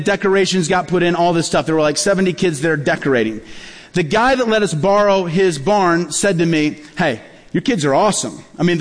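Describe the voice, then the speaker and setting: High-voiced male pastor in a reverberant hall. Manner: storytelling, acts out quoted dialogue. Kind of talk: sermon.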